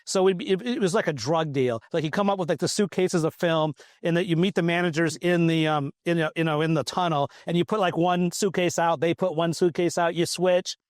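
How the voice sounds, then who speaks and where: A man's voice: on the high side, brisk, hardly any pauses, no echo, clean studio sound. A man, a former football student manager, telling stories in a casual interview and acting out the people he quotes. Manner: animated storyteller acting out quoted voices. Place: outdoors at a golf event.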